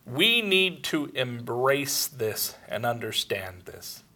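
Bright-voiced man preaching a sermon. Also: mid-range voice, takes it slowly. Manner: storytelling with laughs, animated quoted dialogue. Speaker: pastor.

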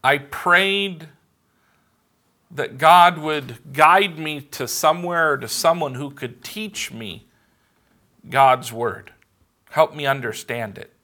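A man preaching a sermon as pastor, earnest and measured, leaning on emphatic pauses. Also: on the high side, bright, forceful tone.

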